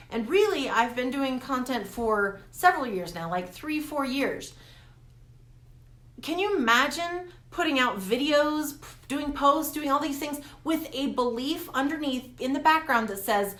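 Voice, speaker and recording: A woman talking straight to her viewers in a casual motivational vlog, animated and laughing often. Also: sits high. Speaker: coach vlogger. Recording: echoey room.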